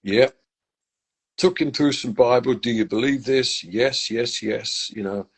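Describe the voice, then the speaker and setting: A man's voice: mid-range voice, unhurried, creaky, breathy edge, rough recording. Older man, from England, interview guest, reflective storytelling, many restarts. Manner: reflective, warm faith talk with many restarts.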